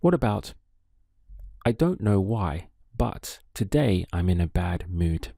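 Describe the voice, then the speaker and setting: Speaking in a sing-song, gravelly voice that sits low and dark, a male Spanish teacher walks learners through a slow language lesson. He's deliberate and unhurried, stopping for answers; the audio is dry and close, with no echo.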